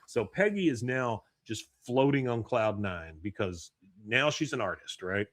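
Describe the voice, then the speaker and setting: A man's voice: fairly low pitch, normal speed, no room sound, clean studio sound. A man hosting a podcast, recapping an episode in casual chat and acting out the characters' lines. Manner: animated retelling, voicing characters' lines. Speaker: podcast host.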